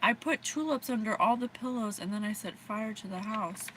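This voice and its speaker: A woman's voice: medium pitch, moderate pace, background noise. An American woman giving a casual livestream psychic reading, bubbly and rambling, often giggling. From USA. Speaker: psychic reader.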